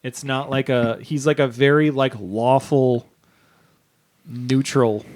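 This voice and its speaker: A man's voice: mid-range voice, fairly even intonation, slow pace, a little mellow. Easygoing man recapping on a podcast. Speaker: podcast co-host. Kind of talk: casual chat.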